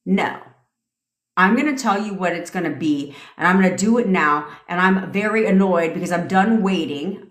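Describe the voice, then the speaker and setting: A woman's voice: on the low side, moderate pace, echoey room. A woman coaching viewers on a casual livestream, blunt and profane, laughing often. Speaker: manifestation coach. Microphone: phone or webcam.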